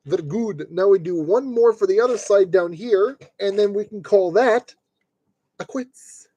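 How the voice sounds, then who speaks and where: A man's voice: high voice, a little slow, dark tone. A man streaming live from his desk, casually talking himself through each step as he assembles a model kit. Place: at a desk indoors.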